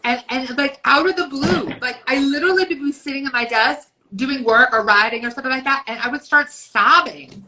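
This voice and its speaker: A woman in her fifties with a bright, forceful tone, speaking a little higher than most women. She talks bluntly in casual podcast chat, swearing freely and slipping into quick voiced asides. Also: rough recording. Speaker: podcast co-host.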